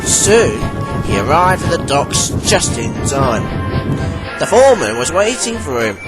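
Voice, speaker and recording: A man narrating a children's storybook in a gentle, expressive way. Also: on the high side, unhurried. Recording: background music. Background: music.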